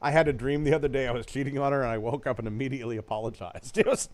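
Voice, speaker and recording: A young man hosts a relaxed podcast chat. He wanders off topic, drops curse words without a second thought, and laughs at his own jokes. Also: mid-range voice, a crowd in the background. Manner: rambling, swears freely, quick to laugh at himself. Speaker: podcast host reading viewer comments.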